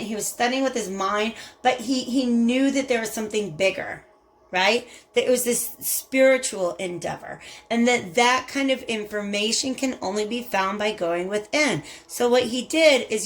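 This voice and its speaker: A woman's voice: a little high, moderate pace. Effusive Southern woman reading tarot. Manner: chatty and effusive, addresses viewers as "you guys". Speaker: tarot reader. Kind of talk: casual spiritual tarot reading.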